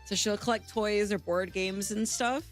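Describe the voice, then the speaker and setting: A woman's voice: medium pitch, steady tone, normal speed, soft background music. A woman streaming live, chatting casually and reading a visual novel aloud, laughing often and swearing freely.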